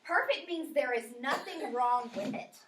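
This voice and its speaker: A high-pitched woman teacher leads a lesson for young children in an upbeat, encouraging way. She says each word slowly and clearly. The mic sits far from her in a roomy classroom, with a faint hiss behind. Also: expressive.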